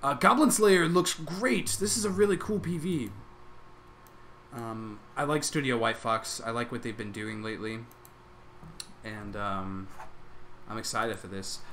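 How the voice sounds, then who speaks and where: Bright, lively young man chatting on stream. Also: medium pitch, unhurried, slight background noise. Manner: rambling, reacts to chat and videos with frequent "like". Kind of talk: casual live-stream chat.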